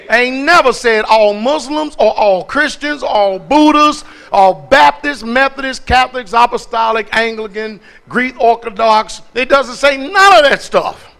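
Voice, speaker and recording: A man's voice: extremely high pitch, a bit bright. A man preaching from the pulpit. He throws questions at the congregation and hammers single words again and again. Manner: call-and-response, repeating words for emphasis. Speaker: pastor. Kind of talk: preaching sermon.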